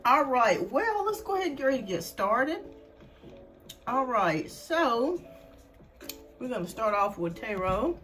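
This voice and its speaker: High-voiced, breathless woman tarot host. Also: big pitch swings, measured pace, long pauses, a bit bright, soft background music. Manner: chatty, greets viewers by name. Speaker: tarot reader hosting a live stream. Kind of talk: casual live-stream chat.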